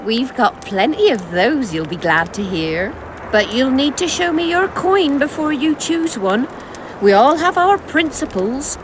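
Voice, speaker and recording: An actress playing a shrewd, businesslike brothel madam in a video game. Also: female voice, high-pitched, sing-song, noisy background. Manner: businesslike and brisk. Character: shrewd brothel madam, middle-aged woman.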